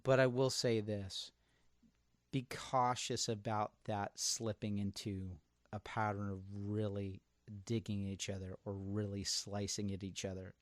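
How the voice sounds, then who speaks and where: Animated man telling stories, dry sound. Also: fairly low pitch, no echo. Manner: animated storyteller, acts out quotes. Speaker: podcast host. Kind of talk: casual chat.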